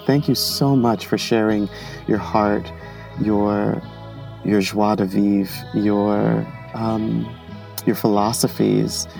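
A man hosting an interview podcast, gentle and appreciative, praising his guest warmly and asking the closing question. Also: lowish voice, vocal fry. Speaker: podcast host.

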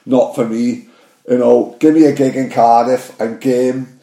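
A man with a gravelly, dark, mid-range voice talks in a level tone, chatting casually on a podcast. He swears freely and keeps backing the other person up with quick yeahs. The sound is echoey, as if recorded in a reverberant room.

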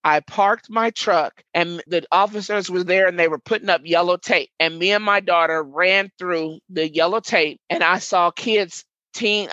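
A middle-aged mother and community worker gives emotional first-person testimony in an interview, reliving events vividly and quoting everyone's words. Her voice is lowish, bright and forceful, in a lo-fi recording with no room sound.

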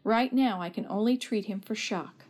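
A woman's voice: mid-range voice, moderate pace, a little mellow, lightly acted. A woman voicing a sympathetic male veterinarian in a storybook reading. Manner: sympathetic, plain.

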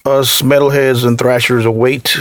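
A man's voice: medium pitch, level tone, moderate pace, no echo. A man hosting a metal podcast who asks short questions and gives brief, encouraging replies. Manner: brief encouraging reactions, laughs along. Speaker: podcast host, interviewer. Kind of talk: casual interview.

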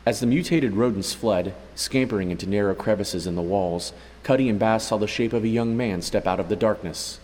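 A man narrating a story in a steady, even way, as an audiobook reader. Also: on the low side, brisk, few pauses, in a large hall, rough recording. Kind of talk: scripted narration.

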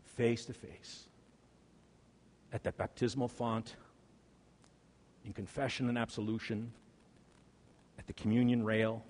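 A man preaching a sermon as a pastor. He swings between loud, slow, emphatic peaks and quiet, low endings. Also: little pitch movement. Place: church sanctuary. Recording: long hall reverb.

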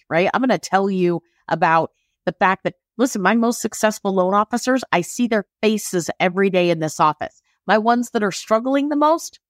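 A woman with a fairly low voice, recorded close and dry. She makes her points emphatically. She stacks up one question after another. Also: dry recording. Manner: emphatic, talks in rapid questions. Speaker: mortgage branch leader. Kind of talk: podcast discussion.

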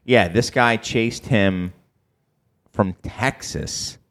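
A man with a very low voice hosts a relaxed podcast conversation about an old film. He rambles, laughs a lot and retells scenes with quick quoted lines. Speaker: podcast host. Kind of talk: casual movie chat.

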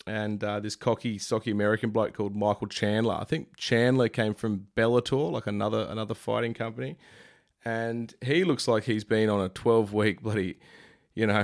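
Aussie bloke, lowish voice, cheeky rambling fight recap, jokes everywhere. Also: male voice. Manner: irreverent, rambling, joking asides. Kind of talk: comedic sports recap monologue.

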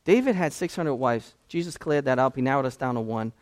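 A man's voice: medium pitch, lively intonation, fairly quick. A man, a pastor, preaching a conversational sermon that swings from casual asides to impassioned climaxes.

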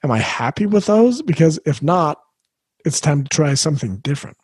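A man's voice: a little high, very animated, normal speed, a little mellow, slightly rough, no room sound. A middle-aged man hosting a solo parenting podcast, talking earnestly and reflectively as he coaches the listener.

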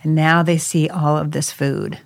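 Middle-aged woman, low voice, lively storyteller, dry close sound. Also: a little slow, creaky, no room sound. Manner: animated storyteller, acts out quotes, laughs often. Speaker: adoptive mother guest. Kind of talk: casual storytelling chat.

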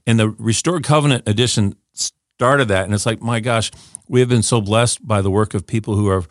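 A man's voice: fairly low pitch, moderate pace, no room sound, studio quality. An older man giving an informal scripture teaching talk, eager and often restarting with repeated words as he explains. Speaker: Bible teacher.

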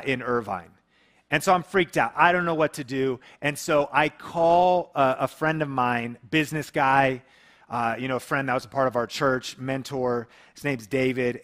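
A man's voice: a little high, fairly bright tone. A man in his thirties from the Seattle area, a YouTube creator telling a personal story to camera and acting out phone calls. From Seattle area, USA.

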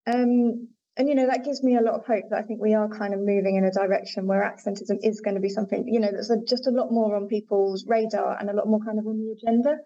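A woman's voice: medium pitch, steady tone, quick pace, mellow. A woman linguistics researcher answering interview questions thoughtfully, with frequent fillers and hedges. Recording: dull lo-fi audio with faint noise.

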